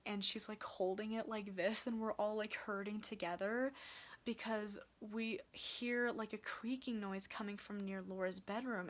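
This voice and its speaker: A woman's voice: mid-range voice, a bit bright. Chatty young woman telling a story. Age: young adult. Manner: rambling, heavy use of "like" and "um". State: tired. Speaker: vlogger. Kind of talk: casual storytelling vlog.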